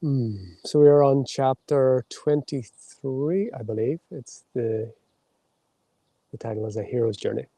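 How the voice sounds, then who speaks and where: Very dark-voiced man chanting and channeling. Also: mid-range voice, gravelly, no echo. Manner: chants flowing invented-sounding syllables, then reads slowly and softly. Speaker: spiritual livestream host. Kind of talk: meditative channeled reading on a livestream. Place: outdoors in a windy spot. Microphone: mic held close to the mouth.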